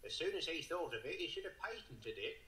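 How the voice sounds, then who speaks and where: A man playing a rambling, self-important crank who delivers a deadpan comic monologue in an earnest, droning way. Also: a little high, brisk. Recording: roomy archive recording with audience laughter.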